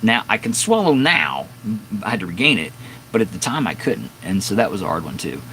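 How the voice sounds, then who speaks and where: A man's voice: lowish voice, very animated, a little fast, sharp tone, slight background noise, low-quality recording. A man in his fifties casually telling a long, candid story on a live stream from his garage, rambling with fillers and restarts. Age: 50s. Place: home garage with door open at dusk.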